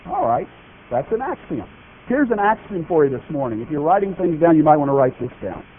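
A man's voice: fairly high pitch, big pitch swings, fairly quick. A man preaching a sermon, speaking emphatically and asking his congregation questions. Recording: tinny phone-like broadcast audio with faint noise.

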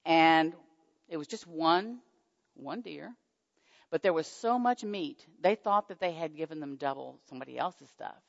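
A woman telling a personal faith testimony in an animated storytelling manner. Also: low voice, unhurried, gravelly. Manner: animated storytelling, squealing excited quotes. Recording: dull muffled sound with long hall reverb.

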